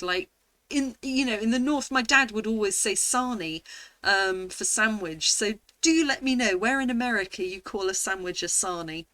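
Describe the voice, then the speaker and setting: A woman's voice: a little high, unhurried, pushed and bright, no room sound. A woman with an English accent, a vlogger talking casually through an online quiz, thinking aloud, sounding words out and exclaiming in disbelief.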